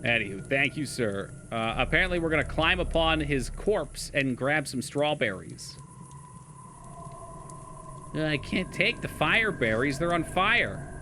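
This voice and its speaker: A man's voice: a little high, big pitch swings, measured pace, noisy background. A young man streaming a game live, chatting casually with his chat, swearing and laughing often.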